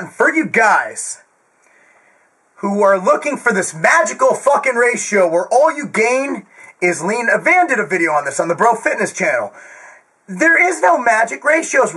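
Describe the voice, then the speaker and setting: Brash male fitness host, yelling and swearing straight to camera, very high-pitched and wildly swinging, husky edge. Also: poor audio. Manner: loud, screaming, profane and brash; jokey, crude asides. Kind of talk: ranting direct-to-camera monologue.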